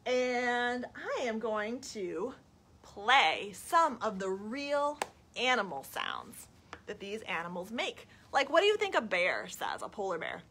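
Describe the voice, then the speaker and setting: A children's librarian reads a picture book aloud at storytime in the library, her sing-song voice pitched on the high side and unhurried. Her tone is bright and forceful with a faint hiss or hum, and she coaxes the young listeners with questions. The session is recorded for a live video stream.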